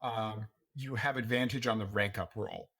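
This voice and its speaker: A man's voice: fairly low pitch, moderate pace, vocal fry, fairly bright tone, slightly rough. A man narrating and calling checks as game master, in a hesitant, filler-heavy way. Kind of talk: running a tabletop game.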